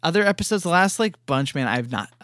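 A man's voice: on the high side, expressive, fast, fairly bright tone, no echo. A man co-hosting a podcast, recapping a cartoon in casual, rambling chat and chuckling often. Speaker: podcast co-host.

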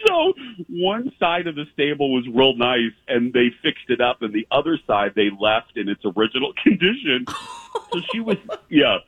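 A man's voice: mid-range voice, sing-song, moderate pace, slightly rough, no echo. A man hosting a casual show, telling a long story in a rambling way with many fillers and restarts. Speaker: host. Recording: dry tinny phone-like line.

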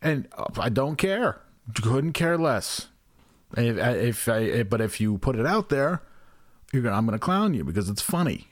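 A man's voice: mid-range voice, very animated, normal speed, dry recording, clean studio sound. A man co-hosting a casual comedy podcast, ranting with profanity and sarcasm. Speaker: podcast co-host.

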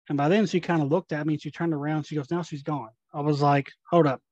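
A young man from Tennessee, a paranormal investigator, telling ghost stories in a casual, animated way and acting out the dialogue. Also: on the high side, fast, hardly any pauses, dry recording, dull audio. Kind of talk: casual storytelling.

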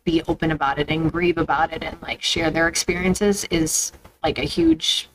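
A woman's voice: low-pitched, fairly even intonation, normal speed, background noise. A woman guest speaking earnestly on a podcast, rambling a little, with lots of "like" fillers. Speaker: guest, running instructor. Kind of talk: casual interview chat.

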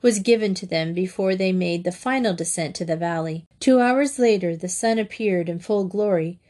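A woman reading a classic children's novel aloud in a measured storytelling manner. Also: lowish voice, warm tone. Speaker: audiobook narrator.

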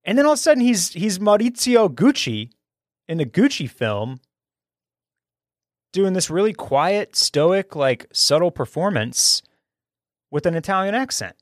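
A man's voice: high-pitched, big pitch swings, unhurried, long pauses, no room sound. Chatty enthusiastic man, dry sound. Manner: enthusiastic, talkative, frequent restarts. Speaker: podcast host reviewing a film. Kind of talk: casual chat.

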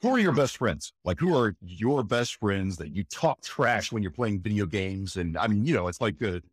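A man, a voice actor, telling stories in an animated, emphatic way during an interview. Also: fairly low pitch, moderate pace, slightly rough, no echo, studio quality. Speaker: voice actor guest. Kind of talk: enthusiastic interview chat.

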